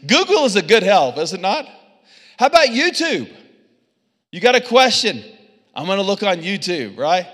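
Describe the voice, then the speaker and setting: A man preaching a sermon as pastor, telling stories with humor in an animated, conversational way. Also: sits high, big-room sound. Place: church sanctuary.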